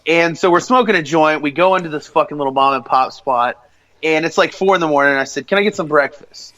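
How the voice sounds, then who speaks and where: High-voiced profane Southern storyteller man. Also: fast talker, pushed and bright. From American South. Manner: profane, storytelling, laughing often. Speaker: podcast co-host. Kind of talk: casual crude banter.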